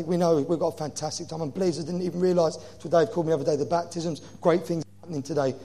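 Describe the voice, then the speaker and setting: A man's voice: on the high side, mellow. A man preaching a sermon as a visiting preacher, praying fervently with repeated "Lord, my God" and reading scripture aloud with rising energy. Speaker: guest preacher.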